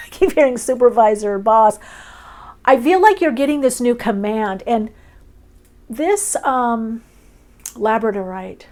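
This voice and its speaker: Woman doing a tarot reading, kinda gravelly, dreamy short phrases. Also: medium pitch, a little mellow. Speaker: tarot reader. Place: indoors, off camera.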